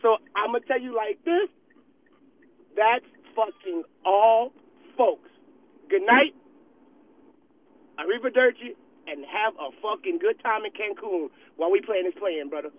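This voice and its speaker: A man's voice: high-pitched, lively intonation, moderate pace. A man calling in from his car while driving, brash and profane. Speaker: caller. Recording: tinny phone line with road noise.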